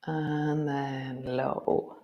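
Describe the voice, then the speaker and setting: A woman with a notably low voice leads a yoga practice. She talks through each movement in slow, gentle cues, then chats easily to her class. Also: level tone, lo-fi sound. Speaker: yoga teacher.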